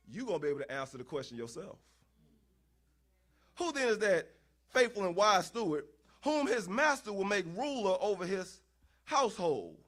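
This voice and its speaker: A man preaching a sermon, using folksy asides, rhetorical questions and repeated phrases. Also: fairly high pitch. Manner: animated, rhetorical questions and repetition; folksy, addresses congregation as y'all.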